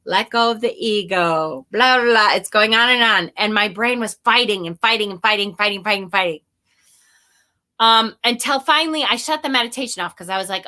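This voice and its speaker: A woman's voice: on the high side, normal speed, sharp tone. A woman talking casually and candidly to her viewers, rambling a little, swearing and laughing at herself, and reading viewer comments aloud. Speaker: spiritual vlogger. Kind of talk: casual confessional talk to viewers.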